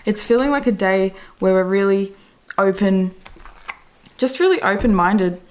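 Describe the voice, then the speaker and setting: A woman's voice: medium pitch, lively intonation, measured pace, darkish tone. A young woman giving a casual daily horoscope and tarot reading, rambling and chatty, swearing casually, laughing often and correcting herself mid-word. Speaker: tarot reader and astrologer.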